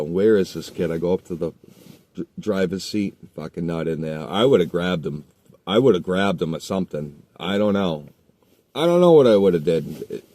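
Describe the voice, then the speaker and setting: A man's voice: sits low, mellow. A man telling a heated personal story in casual speech, cursing constantly and rambling with restarts. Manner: heated, heavily profane storytelling. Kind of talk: casual spoken anecdote.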